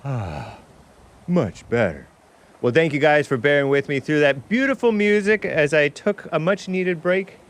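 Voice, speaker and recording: A man's voice: a little high, expressive, moderate pace, few pauses. A man hosting his own talk show, chatting casually in a rambling, musing way with offhand asides. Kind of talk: casual livestream monologue.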